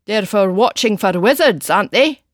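A woman's voice: mid-range voice, expressive, normal speed, dry recording, close to an everyday voice. Brief: glum, kindly three-headed storybook monster, read by a woman, casual speech, dry close sound. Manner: heads take turns, casual, dropped-h talk.

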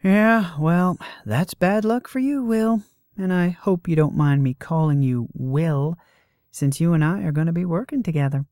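A man voicing a blunt, brusque young female muse with a husky voice, in a storybook reading. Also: on the high side, unhurried, darkish tone, no echo, clean studio sound, voice pushed up, lightly acted. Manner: blunt and offhand.

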